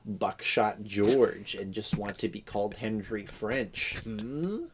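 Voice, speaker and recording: A man's voice: fairly low pitch, slow, slight background noise. A man co-hosting a podcast, chatting casually about a film with sarcastic, mock-dramatic asides. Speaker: podcast co-host. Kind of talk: casual movie review chat.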